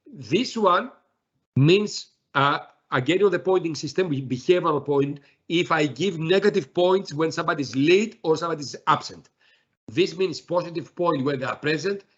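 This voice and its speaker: A man presenting a software demo in a webinar, talking haltingly with many fillers and restarts. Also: a little high, slightly rough, highs cut off.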